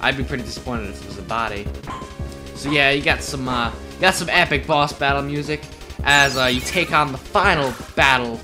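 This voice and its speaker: A man's voice: medium pitch, brisk. A young man giving rambling, joking commentary on a video game he is playing, with lots of fillers. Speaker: let's play commentator. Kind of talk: casual gameplay commentary. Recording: game music behind.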